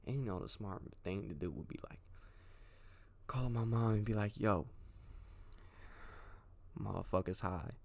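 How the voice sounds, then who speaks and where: Deep gravelly young man telling a story. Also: normal speed, long pauses, dark tone. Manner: slangy, profane, rambling. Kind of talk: casual storytime.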